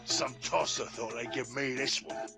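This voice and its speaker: A man's voice: medium pitch, fairly even intonation, moderate pace, creaky, music in the background, close to an everyday voice. A man doing a grumbling Cockney robot. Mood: grumbling chummy. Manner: slangy, self-pitying, chummy.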